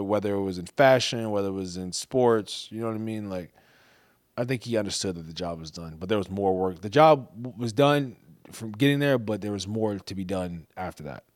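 A man's voice: fairly low pitch, darkish tone, no room sound. A man talking casually as co-host, rambling on in slang and the odd swear word. His voice is recorded dry and close, with no room sound. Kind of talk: casual chat.

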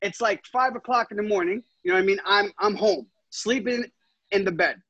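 Podcast co-host, young man, high husky voice, animated storyteller, close dry sound. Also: brisk, dry recording, dull audio. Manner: animated, laughs through his story, swears often. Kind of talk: casual chat, storytelling.

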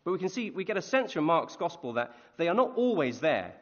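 A man preaching a conversational sermon, animated, often asking his listeners questions. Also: a little high, a little fast. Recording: echoey hall, dull lo-fi sound.

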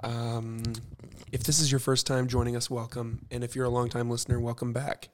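A young man hosting a podcast, talking low and hushed late at night and reading an ad. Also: little pitch movement, a little fast, a little hiss or hum. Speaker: podcast host. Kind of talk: casual podcast chat and ad read.

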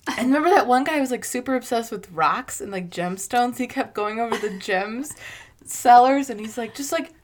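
A woman co-hosting a podcast, telling stories in casual chat, animated and acting out what people said. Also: on the high side, normal speed. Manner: animated storytelling, acts out quoted voices, swears. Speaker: podcast co-host.

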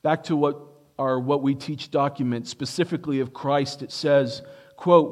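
A male pastor preaching a sermon, emphatic, rising to stress key points and dropping low and quiet for asides. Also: fairly even intonation, normal speed.

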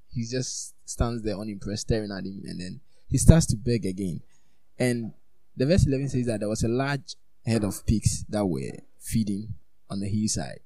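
A man giving a conversational sermon, informal and animated, peppering his talk with "like" and "you know". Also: medium pitch, no room sound. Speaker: preacher.

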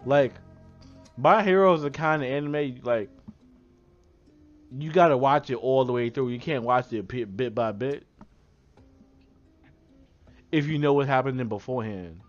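Casual male podcast co-host, excitable and slangy, middle pitch, dull lo-fi audio. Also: a little slow, pauses often, soft background music. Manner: excited slangy recapping, acts out quotes. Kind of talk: casual chat.

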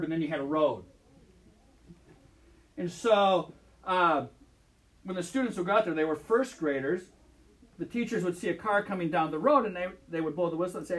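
A man preaching a sermon in an animated way, often checking in with his listeners as he teaches. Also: a little high. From Michigan.

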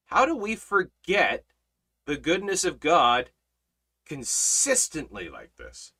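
A man teaching a Bible study in a preaching style, emphatic, repeating words and swinging between loud and soft. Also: on the high side, wildly swooping pitch, slow, breathy edge.

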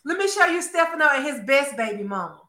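High, bright-voiced gossipy woman. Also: fast talker. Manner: animated, gossipy, keeps calling listeners honey and girl. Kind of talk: casual chat. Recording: roomy echo.

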